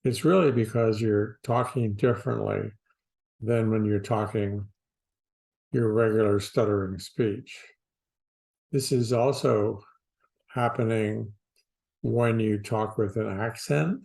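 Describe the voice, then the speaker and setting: Slow, gravelly-voiced male coach. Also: on the low side, a little mellow. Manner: slow, deliberate, plain-spoken explaining with pauses. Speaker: stuttering therapy coach. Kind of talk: casual explanatory talk to camera.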